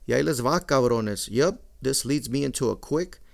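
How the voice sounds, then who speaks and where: A middle-aged man, his voice gravelly with fry. He talks in a casual, blunt monologue full of swearing and Spanish slang. His pitch sits in an ordinary middle range. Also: animated, moderate pace. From Mexican-American. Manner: profane, blunt, mixing Spanish slang into English.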